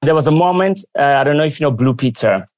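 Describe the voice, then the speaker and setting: A man telling stories from his working life in a lively, animated way, often acting out what others said. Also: fairly high pitch, quick pace, no echo. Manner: lively, acts out quoted dialogue. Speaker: guest. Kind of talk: casual storytelling.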